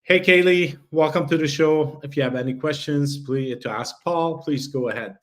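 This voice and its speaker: A man's voice: fairly high pitch, moderate pace. Hesitant male podcast host. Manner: hesitant, lots of fillers. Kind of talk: casual podcast interview.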